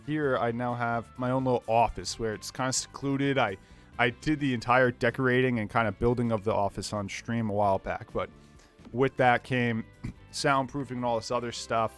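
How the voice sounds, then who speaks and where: A man's voice: medium pitch, fairly even intonation, moderate pace, soft background music. Chatty young man playing a game. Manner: rambling, chatty, talks to viewers and his dog. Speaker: gaming YouTuber. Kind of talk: casual let's play commentary. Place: small soundproofed home office.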